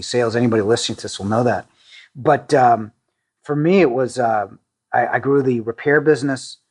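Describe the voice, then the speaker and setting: A man's voice: medium pitch, breathy edge. A middle-aged man from the Boston area, a company CEO, talking casually in an interview, with frequent restarts and fillers. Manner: halting, many restarts and fillers, self-deprecating.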